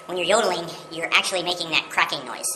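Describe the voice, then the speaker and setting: Low-voiced woman teaching in an echoey room. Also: fast, background noise. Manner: friendly, plain step-by-step explaining. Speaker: yodeling teacher. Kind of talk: casual video lesson. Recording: roomy echo with music behind.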